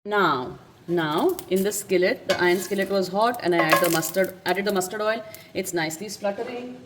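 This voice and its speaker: A woman's voice: medium pitch, moderate pace. A woman hosting a home cooking lesson, chatty and correcting herself as she explains each step in her kitchen. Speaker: cooking channel host. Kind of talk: casual cooking demonstration. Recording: loud kitchen noise behind. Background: frying and sizzling sounds.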